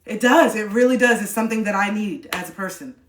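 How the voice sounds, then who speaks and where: A woman's voice: mid-range voice, fast talker, a bit bright. A woman talks straight to her live viewers, urging them to speak up and be themselves. Her delivery is candid and emphatic, with casual swearing and a mid-range voice. The sound bounces around a reverberant room. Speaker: livestream host. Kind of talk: motivational live chat. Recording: echoey room.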